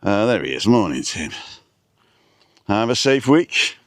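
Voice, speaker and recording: His voice is fairly low, with big pitch swings and a slightly slow delivery, and the recording is dry. The middle-aged man is live streaming casually outdoors above some hotels, his camera placed in front of him, rambling and reading viewers' names with small asides.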